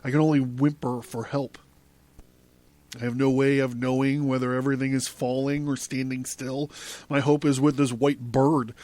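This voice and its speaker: A man voicing Carl, a weary, fearful hanged man, in a low, subdued, pleading voice. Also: flat delivery, normal speed, darkish tone, no echo, lightly acted.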